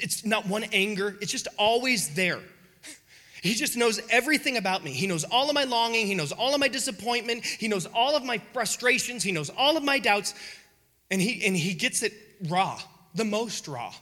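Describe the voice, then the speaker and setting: A man preaching a sermon who repeats phrases for emphasis, builds to loud peaks and drops into whispers. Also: high-pitched, long reverb tail.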